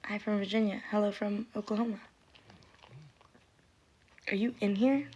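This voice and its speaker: A young woman in her twenties chatting casually on a livestream, a little tipsy and breathing heavily, rambling and self-deprecating, often sinking into a hushed murmur. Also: medium pitch, fairly even intonation, moderate pace, husky.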